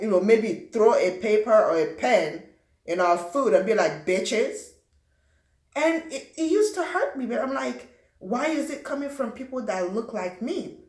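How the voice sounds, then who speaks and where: A young woman from Africa recounts her own story, animated and vivid. She acts out the voices of others and adds sound effects as she goes. Her voice sits at a middle pitch, and the recording carries a roomy echo. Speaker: vlogger. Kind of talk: personal storytelling.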